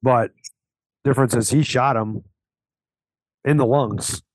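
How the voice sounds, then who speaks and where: A man hosting a casual podcast chat, relaxed and swearing offhandedly as he tells a story of his own. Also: mid-range voice, slow, dry recording, low-quality recording. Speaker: podcast host.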